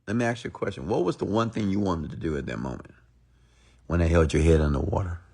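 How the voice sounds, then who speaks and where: A man voicing a calm, commanding male mentor in a story. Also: low voice, fast, slightly rough, full character voice.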